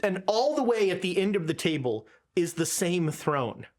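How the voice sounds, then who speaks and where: A woman's voice: lowish voice, big pitch swings, moderate pace, darkish tone. A woman running a tabletop horror game as game master, casual and dry.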